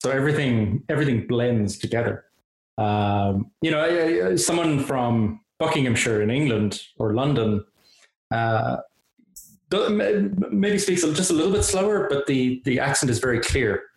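Irish male host, mid pitch, friendly and rambling; roomy echo. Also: animated, normal speed, creaky. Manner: rambling, many restarts, friendly. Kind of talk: casual interview chat. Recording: roomy echoey audio.

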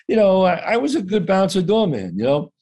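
A man tells a story from his own life in loose, lively conversation, his voice sitting a little high. He acts out the people he quotes and swears without a second thought. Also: a little fast. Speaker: guest actor. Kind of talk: casual storytelling.

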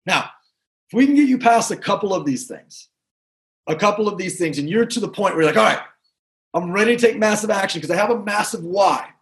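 A man with a high voice delivering an energetic motivational talk to salespeople. He repeats his key lines for emphasis and keeps asking the crowd questions. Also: fairly quick. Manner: energetic, repetitive, talks to the crowd. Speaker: sales trainer.

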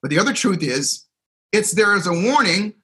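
Energetic middle-aged male guest, a bit high-pitched, sharp bright tone, vivid storyteller. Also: moderate pace, low-quality recording. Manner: energetic, acts out quotes and crowd reactions. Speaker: guest speaker, seminar trainer. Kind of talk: animated storytelling in a conversation.

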